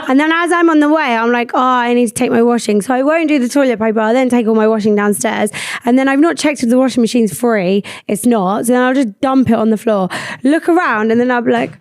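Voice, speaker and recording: A young woman hosting a podcast, talking in a rambling, animated way and swearing freely. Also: fairly high pitch, fast talker, dry recording, clean studio sound. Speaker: podcast host. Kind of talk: casual chat.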